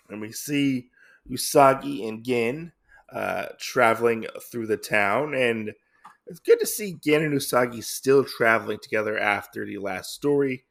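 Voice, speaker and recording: Male podcast host, rambling casual comic recap, gravelly voice, mid pitch. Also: expressive, normal speed. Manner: rambling, lots of fillers and restarts.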